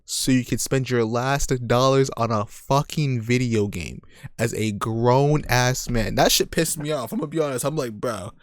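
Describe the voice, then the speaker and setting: A man's voice: medium pitch, normal speed, no room sound, clean studio sound. A young man in his twenties giving casual, profane, slang-heavy reaction commentary, often laughing. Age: 20s. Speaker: reaction video host.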